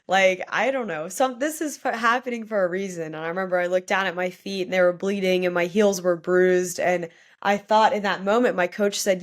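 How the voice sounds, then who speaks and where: A woman's voice: fairly low pitch, a little fast. A young woman, a guest on a podcast, telling a personal story candidly and with feeling, often saying "like". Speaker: guest athlete.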